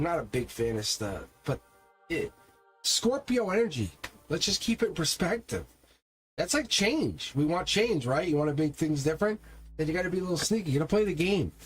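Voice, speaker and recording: Energetic guy doing a tarot live stream, straight-talking, music playing soft behind him. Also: on the high side, slightly rough. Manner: energetic, emphatic, talks straight to viewers. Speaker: tarot reader. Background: faint music.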